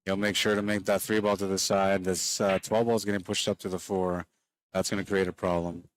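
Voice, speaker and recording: A man giving relaxed, chatty live play-by-play commentary on a pool match, a little worn down late in the day and talking straight to stream viewers. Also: low-pitched, a little fast.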